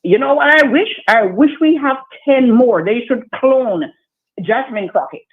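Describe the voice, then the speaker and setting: A woman's voice: on the high side, lively intonation, unhurried. Jamaican woman caller on a phone line. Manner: emphatic, repeats herself. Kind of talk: call-in radio chat. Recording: dull phone-line sound.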